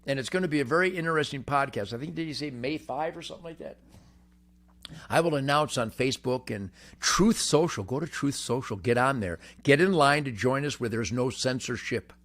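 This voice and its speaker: An older man hosting a rambling, boastful monologue, brash and cocky, swinging from booming shouts to low mutters. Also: a little fast. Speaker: host.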